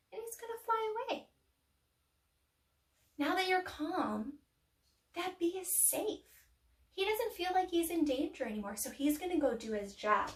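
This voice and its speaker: A woman teacher giving a playful, animated lesson to young children, with dramatic pauses. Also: extremely high pitch. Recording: echoey room, mic far off.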